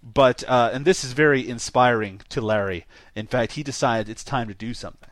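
A man's voice: medium pitch, fairly quick, no echo. A man hosting a casual podcast, recapping a movie with frequent laughter. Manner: laughs often, animated storytelling. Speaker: podcast host reviewing a movie. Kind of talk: casual chat.

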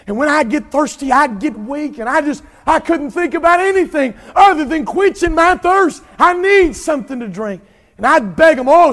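A pastor preaching an impassioned sermon, drawing out emphatic lines and rising to shouts. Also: male voice, very high-pitched, long reverb tail.

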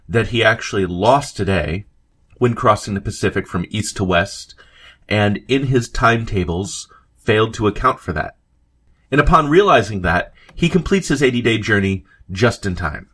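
A man's voice: on the low side, lively intonation, normal speed, a bit bright, breathy edge. A man hosting a podcast, narrating a history episode in a conversational way, with asides and fillers. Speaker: podcast host. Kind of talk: scripted history narration with read quotes.

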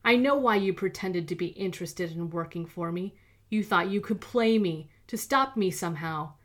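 A woman voicing a menacing, vengeful male villain who threatens and shouts. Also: fairly low pitch, normal speed, lightly acted.

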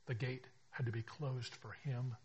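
A man preaching a sermon as pastor, swinging between hushed reflection and emphatic, rising declarations. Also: mid-range voice, fairly even intonation, a little slow, dull audio, a little hiss or hum.

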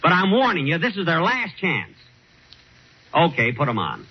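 A man's voice: fairly high pitch, wildly swooping pitch, normal speed, breathy edge. Exasperated man in vintage radio comedy. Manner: exasperated, indignant straight man. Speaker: comedy show host. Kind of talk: 1940s radio comedy acting. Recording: hissy dull vintage radio recording.

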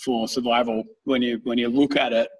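A man tells loose, rambling stories, swearing freely and laughing along as he goes. His voice is husky and sits a little back from the microphone, with a mid-range pitch. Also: level tone, brisk, recorded from a distance, poor audio. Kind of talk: casual storytelling chat.

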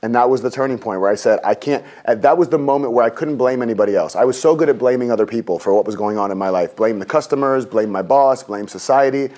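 A man in his forties, a guest on an interview show, telling a personal story in a lively way and acting out what people said. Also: fast talker, hardly any pauses. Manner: lively, acts out quotes with raised pitch.

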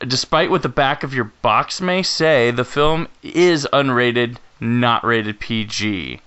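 Smooth-voiced man hosting a podcast. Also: medium pitch, slow, bright, forceful tone, lo-fi sound. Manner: organized, informative, runs the show notes. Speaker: podcast host. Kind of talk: casual podcast chat.

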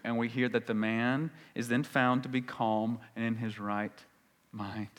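A male pastor preaching a sermon, swinging between loud emphatic peaks and hushed, low phrases. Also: steady tone, unhurried. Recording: long hall reverb.

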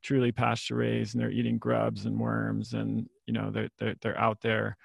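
A man's voice: lowish voice, monotone, normal speed, vocal fry, slightly rough, no room sound. A man hosting a podcast interview, asking long questions full of qualifiers. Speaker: podcast host.

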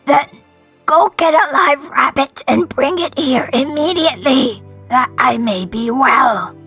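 Woman doing a weak, breathy sick fish king. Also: high voice, measured pace, a bit bright, soft background music, voice pushed up. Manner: weak, breathy, half-whispered.

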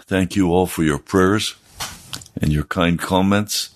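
A man's voice: low-pitched, slow. A man speaking as a pastor, hosting a broadcast and talking in a solemn, earnest sermon style while recovering from losing his voice. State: recovering from a lost voice.

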